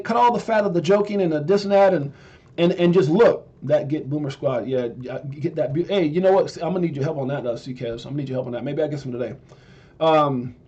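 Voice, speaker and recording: A man's voice: a little high, darkish tone, muffled recording. Emphatic stammering male crypto host. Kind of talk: casual livestream commentary.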